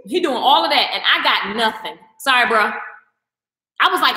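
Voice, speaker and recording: A woman with a high, bright, sharp-edged voice rants emphatically to her viewers, preaching her point and slipping into mocking asides. The sound rings in an echoey room with a long, hanging reverb. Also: expressive, moderate pace. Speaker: vlogger. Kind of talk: passionate rant to camera.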